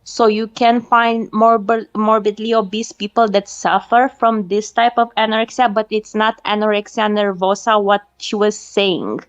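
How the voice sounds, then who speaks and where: A woman guest on a livestream, giving her opinions in a measured, hedging way with many fillers. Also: mid-range voice, flat delivery, dull audio. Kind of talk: casual opinionated chat.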